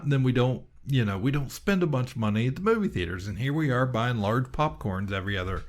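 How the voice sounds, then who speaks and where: A man's voice: mid-range voice, expressive, fast talker, few pauses. A man co-hosting a podcast, telling a long, rambling story in casual chat, full of fillers and restarts. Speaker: podcast co-host.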